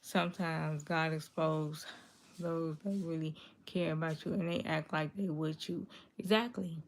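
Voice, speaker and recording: Low gravelly woman, earnest and repetitive. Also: steady tone, a little slow, slight background noise. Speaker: livestream vlogger reading viewer comments. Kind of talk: casual confessional talk to viewers.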